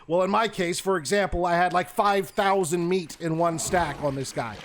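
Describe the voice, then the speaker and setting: A man with a high, light voice, narrating his game as he plays it and swinging between cheerful chatter and loud exasperation. A faint hiss of noise sits under the recording. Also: normal speed. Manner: animated, exasperated, talks to the game. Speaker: gaming YouTuber. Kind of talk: live game commentary.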